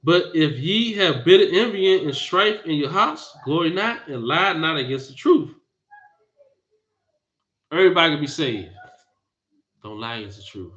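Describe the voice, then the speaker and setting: Male preacher, emphatic, scolding, high-ish forceful voice, dull lo-fi recording. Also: lively intonation, a little slow, long pauses. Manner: emphatic, repeats phrases, scolding. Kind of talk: bible teaching sermon.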